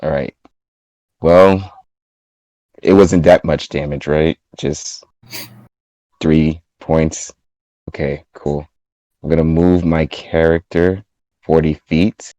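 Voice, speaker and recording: A man playing in a tabletop game, thinking aloud in an unhurried way. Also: a bass voice, fairly even intonation, mellow, no echo. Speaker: player. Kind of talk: casual tabletop game chat.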